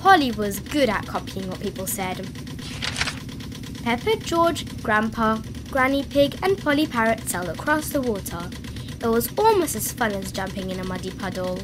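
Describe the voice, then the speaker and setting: A woman narrating a children's storybook aloud in an expressive, sing-song way. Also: fairly high pitch, normal speed, background noise. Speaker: storybook reader. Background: background music.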